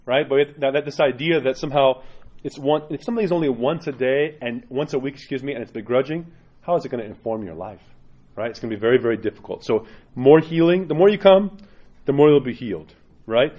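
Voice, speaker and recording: Conversational priest with a dull recording. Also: male voice, mid-range voice, a little fast, mellow. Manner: conversational and direct, many tag questions, acts out quoted parishioners. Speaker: Orthodox priest. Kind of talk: informal homily to a congregation.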